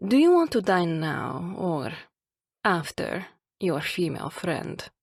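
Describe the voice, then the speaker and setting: A woman voicing a cruel, seductive female enemy sniper with a Kurdish accent, speaking in a slow, breathy, half-whispered taunt in an audiobook. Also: lowish voice, sing-song, no room sound, studio quality, full character voice. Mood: menacing taunt. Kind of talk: audiobook character voice.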